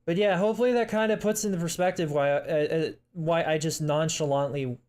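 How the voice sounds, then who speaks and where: A young man talking in a personal vlog, emotional and close to tears, halting with many restarts, apologizing and swearing. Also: on the high side, fairly even intonation, a little mellow. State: emotional, tearing up. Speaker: vlogger.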